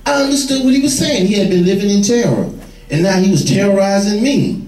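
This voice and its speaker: A former gang leader telling street stories to young people, vivid and plain-spoken. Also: male voice, high voice, lively intonation, fairly quick, darkish tone. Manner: vivid storyteller, acts out quoted voices. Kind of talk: storytelling talk to a room. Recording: echoey room, far from the mic.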